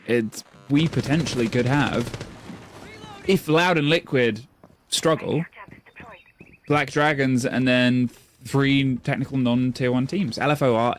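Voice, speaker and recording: A man's voice: mid-range voice, noisy background. A man casting an esports match, rambling and self-deprecating between plays. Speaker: esports caster. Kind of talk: play-by-play commentary.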